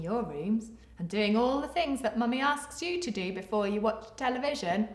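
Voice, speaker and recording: A primary teacher reads a picture book aloud in an animated, sing-song style, then coaxes young children through a phonics lesson with plenty of encouragement. Her voice is fairly high and moves at a moderate pace with few pauses. The room sounds echoey.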